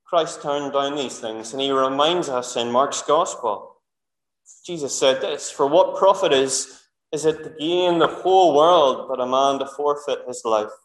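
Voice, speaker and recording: A man's voice: mid-range voice, measured pace. A man preaching a sermon in church, earnest and asking the congregation rhetorical questions. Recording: echoey church room.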